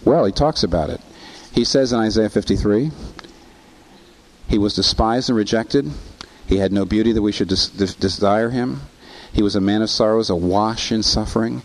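A man preaching a sermon, asking rhetorical questions and rising in pitch on emphasis. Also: moderate pace. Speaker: pastor.

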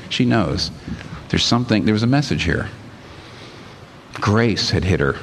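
A man preaching a sermon as pastor, lively and emphatic, reading passages aloud. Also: on the low side, a little slow, long pauses, long reverb tail, a little hiss or hum.

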